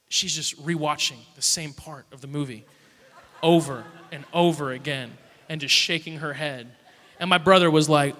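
A man's voice: high-pitched, animated, moderate pace, pushed and bright. A man in his thirties preaching a sermon, telling a funny family story to his church. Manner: storytelling with humor. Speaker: pastor. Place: large church hall. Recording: long hall reverb.

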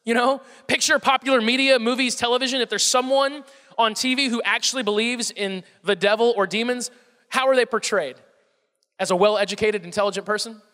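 A man's voice: very high voice, fairly even intonation, fairly quick, pushed and bright, long reverb tail. A male pastor with a Southern American accent preaching a conversational sermon, often repeating words and putting questions to the congregation.

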